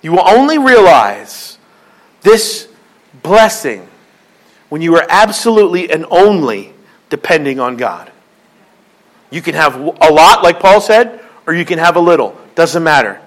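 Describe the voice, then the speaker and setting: A male pastor delivers a sermon, his voice sitting high for a man. He builds his points through repetition and rising emphasis, and he slips into quoted voices to tell a joke. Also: big pitch swings, unhurried, pauses often, low-quality recording.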